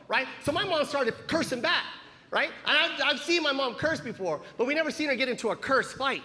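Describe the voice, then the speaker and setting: A man doing stand-up, telling a story loudly and animatedly with lots of cursing. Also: very high-pitched, fairly quick. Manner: loud, animated, profane. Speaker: stand-up comedian. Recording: comedy club hall with audience laughter.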